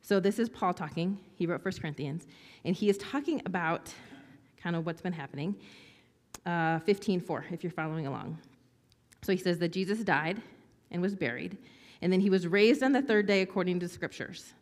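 A woman preaching a sermon in a conversational, animated way, acting out quoted lines with sarcasm. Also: lowish voice, fairly quick, long reverb tail. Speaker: pastor.

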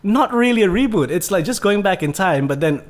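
A man talking casually on a podcast, animated and laughing often, repeating himself when he gets excited. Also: high voice, brisk. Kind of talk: casual chat.

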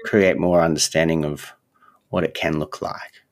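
A man's voice: a bass voice, steady tone, moderate pace. A male podcast host asking long, searching questions full of fillers and restarts. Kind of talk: interview questions.

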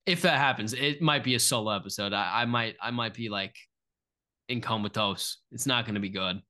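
A man's voice: fairly low pitch, fairly quick, sharp tone. A young man co-hosting a sports podcast, talking casually, nervous and stammering, often repeating himself. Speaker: podcast co-host.

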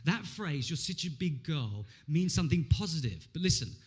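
Animated man preaching a sermon. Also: a little high, normal speed, husky. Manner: animated, humorous, acts out quotes. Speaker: pastor.

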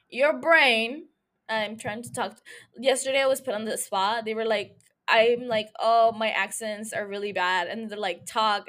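A woman's voice: a little high, bright, forceful tone. A young woman hosting a podcast into a mic, recapping an episode in a casual, profane, joking way that keeps breaking off into asides. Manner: chatty, profane, jokey, self-interrupting. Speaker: podcast host.

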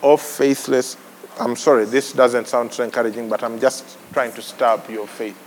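A man preaching a sermon, animated, breaking into sudden high exclamations and laughs. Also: fairly quick, a little hiss or hum. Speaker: pastor. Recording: long hall reverb with faint ambience.

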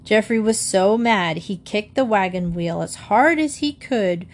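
A woman reading a children's book aloud to listeners in a gently expressive way. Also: mid-range voice, measured pace. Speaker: storyteller.

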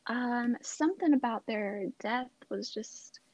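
Young woman podcast co-host, giggly and rambling, slightly high voice, casual chat. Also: takes it slowly, a little mellow, no echo, dull audio. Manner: giggly, rambling, lots of fillers.

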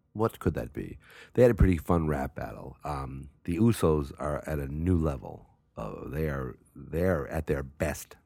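A man's voice: a bass voice, vocal fry, warm tone, slightly rough, no echo. A man casually rambling through wrestling predictions, jokey and self-deprecating, drifting into tangents.

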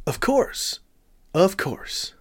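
A man narrating as game master of a tabletop role-playing game and voicing its characters, quick and conversational. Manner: quick, conversational, with restarts and laughs.

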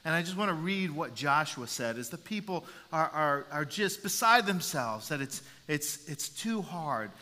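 A man preaching a sermon as a pastor, animated and repeating words as he builds his points. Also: fairly high pitch, normal speed, hardly any pauses. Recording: long reverb in a large hall.

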